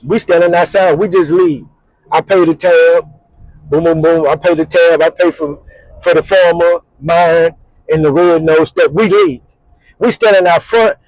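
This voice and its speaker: A middle-aged man hosting his vlog, telling a story casually in an animated, slangy way, repeating words and little sound effects. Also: sits high, no room sound, rough recording. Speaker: vlog host.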